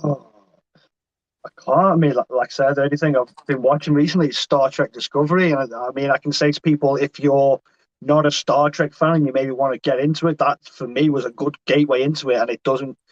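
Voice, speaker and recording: A man's voice: medium pitch, fairly even intonation, a little fast, no echo. Hesitant man on a dull call line. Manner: hesitant, thinking aloud with many restarts. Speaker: guest. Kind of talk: casual chat. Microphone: video call. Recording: dry, dull lo-fi call audio.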